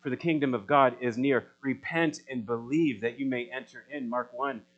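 A man preaching a sermon, swinging from loud, rising appeals to quiet, searching questions. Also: medium pitch, moderate pace, highs cut off. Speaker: pastor.

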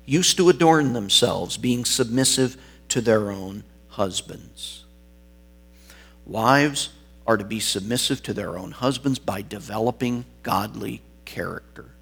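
A man's voice: mid-range voice, creaky, husky. A male pastor preaching an expository sermon, reading and explaining scripture with varied emphasis.

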